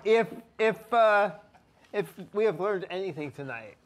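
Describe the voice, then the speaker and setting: A man's voice: sits high, animated, a little slow, slight background noise. A man co-hosting a live show with easy, jokey banter. He mixes drinks as he talks and laughs often. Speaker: co-host mixing cocktails.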